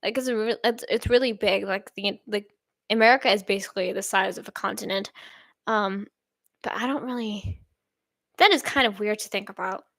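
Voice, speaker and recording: A woman's voice: medium pitch, normal speed, a bit bright, no room sound. A woman in her twenties from Sweden, chatting casually and reading out viewer comments in an upbeat, rambling way with frequent laughs. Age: 20s. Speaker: channel host.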